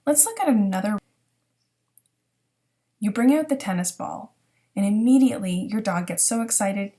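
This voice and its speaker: Woman calmly explaining dog training. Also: medium pitch. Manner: clear, explanatory, step-by-step. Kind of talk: recorded lecture narration.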